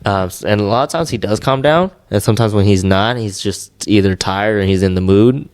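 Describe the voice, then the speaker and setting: A young man co-hosts a podcast in a lowish, slightly mellow voice, talking a little fast. He chats casually and rambles, with plenty of fillers and restarts.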